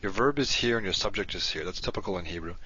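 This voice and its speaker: A man's voice: low voice, expressive, fast talker, pushed and bright, breathy edge. A man teaching from a recorded lesson, methodical and patient, repeating terms as he points them out. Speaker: Hebrew teacher in recorded module. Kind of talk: explanatory teaching with screen annotation. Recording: dull lo-fi audio.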